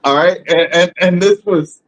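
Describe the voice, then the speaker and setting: A man's voice: sits high, normal speed, muffled recording. A man hosting a podcast, telling a story with laughs and stammered restarts, openly emotional. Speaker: podcast host and wrestling commentator. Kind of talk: casual chat.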